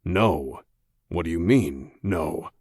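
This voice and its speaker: A menacing male federal agent, as a man puts him on in an audiobook, low-voiced and measured. He speaks slowly, with quiet, controlled threat, and the recording is close and dry with no room sound. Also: expressive, husky, no room sound, exaggerated voice. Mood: cold, insistent.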